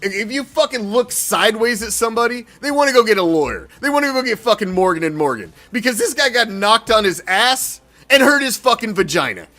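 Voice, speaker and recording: A man's voice: sits high, big pitch swings, fairly quick, few pauses, pushed and bright. A man hosting a sports fan show, ranting heatedly and swearing in an exasperated way. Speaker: sports podcast host. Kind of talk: profane fan reaction rant.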